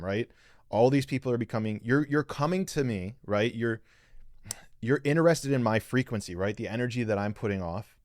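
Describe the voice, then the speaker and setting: A man's voice: mid-range voice, darkish tone, no room sound, studio quality. A man hosting a podcast, giving an earnest spiritual teaching monologue and coaching listeners directly, with a lot of repetition. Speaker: podcast host. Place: live stream reading viewer comments.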